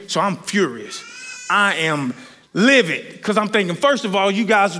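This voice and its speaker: High-voiced man preaching a story. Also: normal speed. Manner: animated, rambling, many restarts and fillers. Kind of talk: storytelling sermon.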